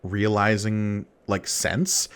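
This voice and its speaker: A man co-hosting a casual podcast, speaking in a fairly low voice. He talks things through thoughtfully, hedging his points along the way. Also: little pitch movement, takes it slowly, clear, resonant tone. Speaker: podcast co-host. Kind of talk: casual podcast chat about comics.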